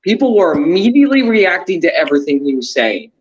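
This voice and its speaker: A man's voice: high-pitched, big pitch swings, fast, lo-fi sound. A man talking casually and animatedly as a panelist on a sports show, rambling with restarts. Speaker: podcast panelist.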